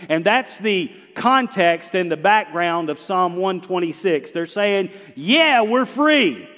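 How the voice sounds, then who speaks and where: A middle-aged man, a pastor preaching a sermon, swinging between loud and hushed delivery. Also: a little high, long reverb tail.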